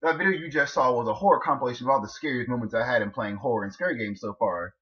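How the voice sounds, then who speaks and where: A man's voice: mid-range voice, racing. A man hosting a gaming channel, giving a casual outro to his viewers. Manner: casual, repeats requests to subscribe. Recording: dull lo-fi mic.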